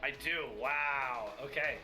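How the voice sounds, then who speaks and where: A man playing in a live-streamed tabletop game, describing his character's moves with many pauses and fillers. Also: mid-range voice, bright, forceful tone, soft background music.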